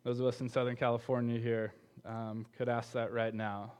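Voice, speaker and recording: This teaching-team preacher has a mid-range, slightly mellow, clear and resonant voice with little pitch movement and a moderate pace. His sermon is conversational, and he keeps repeating words and questioning his listeners.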